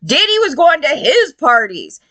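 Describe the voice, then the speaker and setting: Woman, heated rant, profane, scornful, high bright voice, dry close sound. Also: huge pitch swings, measured pace, no room sound. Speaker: commentator. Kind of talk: ranting opinion video.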